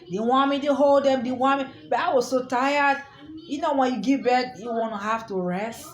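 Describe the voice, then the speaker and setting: A woman with a fairly high voice tells her own story on camera, emphatic and defiant, circling back to repeat her points. The room gives her voice a noticeable echo, and soft music plays faintly underneath. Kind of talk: emotional personal storytelling.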